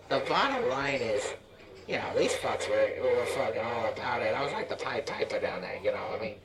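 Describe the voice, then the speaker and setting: A man's voice: mid-range voice, natural voice, low-quality recording. A man playing a crude, boastful male lawyer who rambles with profane swagger.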